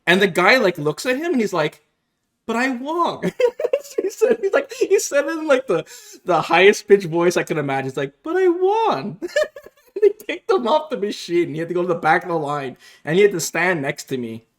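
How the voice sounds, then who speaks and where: A young man hosting a gaming video, telling stories casually and animatedly, often laughing and acting out other people's lines in high voices. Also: very animated, fairly quick, fairly bright tone. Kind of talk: casual storytelling to camera.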